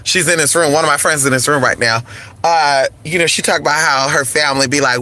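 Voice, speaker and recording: Low-pitched and bright, this woman talks briskly and forcefully while leading a laid-back spiritual conversation. Faint music plays behind her as she sings along, camping it up and dropping "girl" and "honey" between lines.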